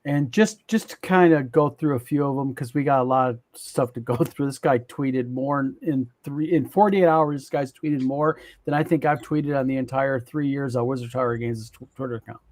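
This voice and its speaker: A man's voice: mid-range voice, moderate pace, few pauses, darkish tone. A man co-hosting a casual chat, who reads posts aloud in a dry, teasing way. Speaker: co-host.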